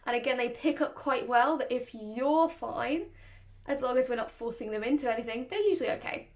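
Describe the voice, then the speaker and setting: A young woman, a dog trainer, giving relaxed advice to camera, chatty and quick to laugh. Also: high voice. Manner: chatty, laughs often, demonstrates voices. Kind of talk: casual explanatory talk to camera.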